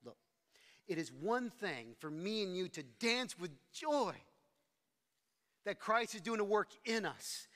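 A middle-aged pastor with a high-pitched, fairly bright voice preaches a sermon, and a long reverb tail trails his words. He tells a personal story conversationally and pokes fun at himself, often restarting his sentences.

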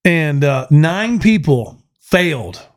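A man with a fairly high voice hosts a casual podcast. He tells his stories in an animated, profane way and laughs a lot as he goes. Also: takes it slowly. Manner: profane, animated storyteller who laughs often. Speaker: podcast host. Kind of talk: casual storytelling chat.

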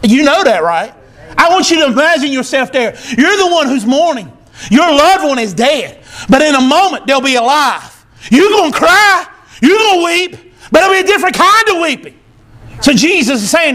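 A male pastor preaching a sermon in church, emphatic and teary, repeating short phrases and building to shouts. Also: extremely high pitch, very animated, moderate pace. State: teary, emotional.

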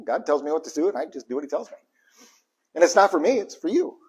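A pastor preaching a live sermon with passion, dropping to a hush and then bursting out loud, chuckling between points and repeating lines for emphasis. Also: male voice, a little high, very animated, fast, husky. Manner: impassioned preaching, swings from hushed to loud bursts.

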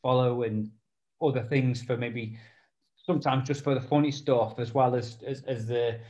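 A man's voice: medium pitch, steady tone, moderate pace, mellow. Laid-back male podcast host, lo-fi sound. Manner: laid-back, agreeable, swears casually. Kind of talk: casual podcast chat. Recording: slightly dull lo-fi recording.

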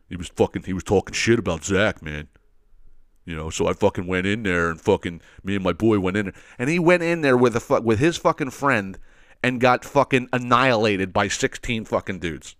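A man's voice: fairly low pitch, brisk, a bit bright, no echo, studio quality. Rambling, foul-mouthed male podcast host. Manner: rambling, heavily profane, full of "like" and "you know"; acts out other people's lines in the story. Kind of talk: casual storytelling monologue.

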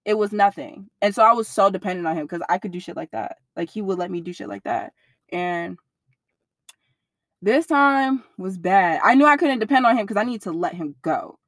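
A young woman in an interview, telling a personal story in a blunt, profane, animated way. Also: mid-range voice, normal speed, no echo, studio quality.

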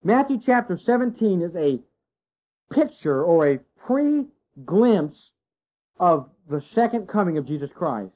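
A man preaching a sermon to his congregation, folksy and animated, full of rhetorical questions. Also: high-pitched, measured pace. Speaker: pastor. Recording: dull lo-fi sound.

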